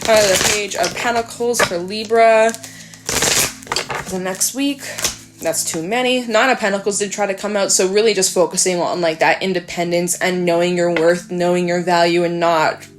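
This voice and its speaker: A woman giving a casual tarot reading, talking quickly in a chatty way, often swearing and laughing. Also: mid-range voice. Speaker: tarot reader.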